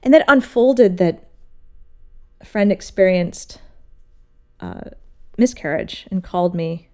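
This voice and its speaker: A woman sculptor talks through her work in a casual interview. She tells her stories in an animated way and slips into the voices of the people she quotes. Her tone is lively. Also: on the low side, slow. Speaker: sculptor, guest.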